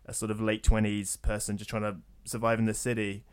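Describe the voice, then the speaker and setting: A man hosting a podcast, chatting casually with sardonic jokes and quick asides. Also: on the low side, completely flat delivery, clear, resonant tone. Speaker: podcast host. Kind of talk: casual chat.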